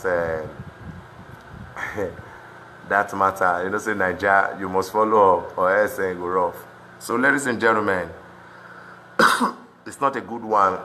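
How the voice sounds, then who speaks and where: An impassioned young man with a Nigerian Pidgin accent speaks in a forceful, bright voice and rises at times into shouting. He is recorded in an echoey room with faint noise behind him. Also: lowish voice. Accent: Nigerian Pidgin English. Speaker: street commentator. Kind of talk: emotional protest vlog.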